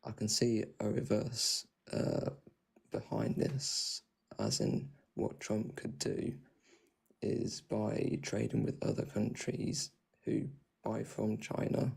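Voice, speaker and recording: A man calling into a debate, speaking with heavy vocal fry and making his points haltingly, with many pauses. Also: on the low side, little pitch movement, a little mellow. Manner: halting, hesitant, slow to make a point. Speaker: caller in debate.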